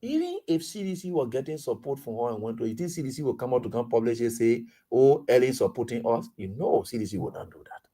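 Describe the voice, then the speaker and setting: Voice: medium pitch, sing-song, quick pace, mellow, slightly rough. A radio talk host, giving political commentary in an emphatic way, full of repetition and rhetorical questions.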